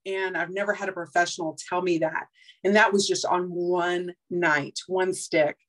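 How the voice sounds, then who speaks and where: A woman's voice: fairly low pitch, steady tone, moderate pace, fairly bright tone, poor audio. Woman with a polished radio-actress voice. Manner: effusive, gracious. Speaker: guest on a team call. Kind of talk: casual video-call chat.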